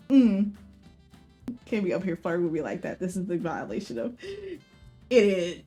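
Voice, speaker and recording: A young adult woman streamer reading a visual novel aloud, giggly and flustered, with loud outbursts. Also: mid-range voice, big pitch swings, measured pace, pauses often, soft background music.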